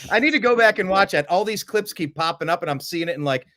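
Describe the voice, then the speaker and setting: Animated male sports podcast host. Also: high-pitched, quick pace. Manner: animated, jumps into mocking voices. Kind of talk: casual sports chat.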